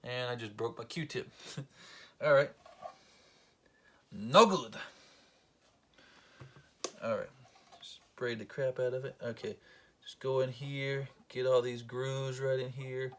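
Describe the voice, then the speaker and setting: A man's voice: mid-range voice, flat delivery, a little slow, a little hiss or hum. A man giving a casual, joking how-to tutorial, talking to the camera while he works. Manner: joking, self-deprecating, talks while working. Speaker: collector demonstrating belt cleaning.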